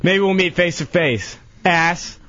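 A man on a radio show, angrily yelling taunts in ranting banter, heard through a dull lo-fi recording. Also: high-pitched, slow pace.

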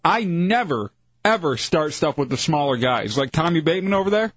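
A man's voice: fairly high pitch, lively intonation, brisk, a bit bright, no room sound, muffled recording. A man co-hosting a podcast, chatting casually with laid-back wisecracking asides. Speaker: podcast co-host. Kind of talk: casual chat.

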